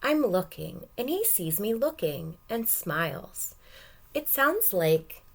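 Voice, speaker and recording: Slow, gentle woman teacher reading aloud. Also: medium pitch, sing-song, creaky. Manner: gentle, encouraging, asks questions and pauses. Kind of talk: reading a picture book aloud to young students.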